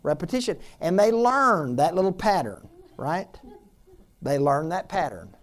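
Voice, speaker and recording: An unhurried pastor delivers his sermon in a sing-song voice whose pitch wanders up and down. He relies on rhetorical questions, shifting from loud, pressing pleas to hushed, intimate remarks.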